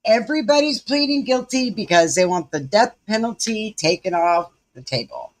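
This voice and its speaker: With a medium-pitched, expressive voice at a normal speed, this livestream host offers casual commentary from home, chatting folksily with viewers in a Southern US accent.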